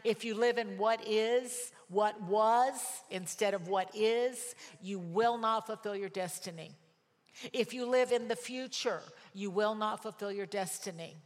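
A woman's voice: mid-range voice, unhurried. Woman preaching in a reverberant hall. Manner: emphatic, repeats and spells out words for stress. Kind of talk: sermon with personal storytelling.

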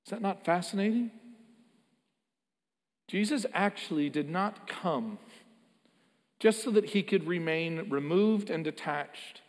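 A man's voice: high-pitched, takes it slowly, pauses often. A man preaching a sermon, earnest and emphatic, often repeating words as he builds a point. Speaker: pastor. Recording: long hall reverb.

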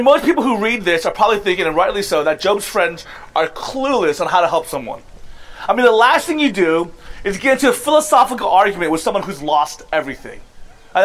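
Man, pastor, high voice, conversational sermon, emphatic, self-deprecating laughs. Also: fairly bright tone. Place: church service.

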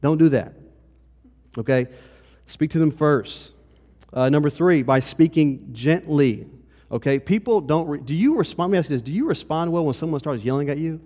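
A man's voice: a little high, normal speed, dark tone. A pastor giving a conversational sermon to his congregation, often checking in with "okay?". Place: church hall. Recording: long reverb of a hall.

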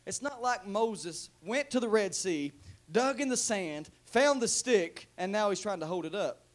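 A male pastor preaching to a church congregation, moving between hushed talk and shouted calls for the room to answer back. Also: high voice, lively intonation, measured pace. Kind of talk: sermon.

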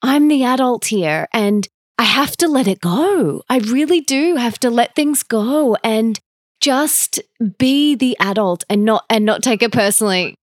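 A woman's voice: on the high side, expressive, unhurried, no room sound, studio quality. A woman hosting a podcast, speaking in an earnest, reflective way. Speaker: podcast host. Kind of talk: podcast interview.

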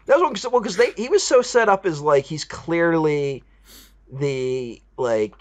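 A man co-hosting a casual film review podcast, animated and profane, slipping into mocking voices of characters. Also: fairly high pitch, measured pace.

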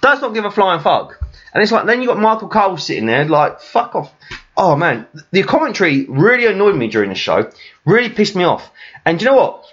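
A man's voice: high voice, very animated, fairly quick, fairly bright tone, lo-fi sound. Profane ranting man. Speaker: podcast co-host. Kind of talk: casual chat.

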